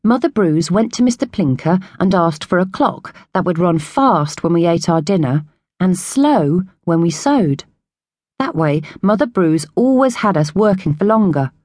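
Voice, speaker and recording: An earnest, gentle orphan boy from a storybook, voiced by a woman narrator, confiding and a touch higher than her own reading voice. The sound is dry and close, with no echo. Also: lively intonation, measured pace.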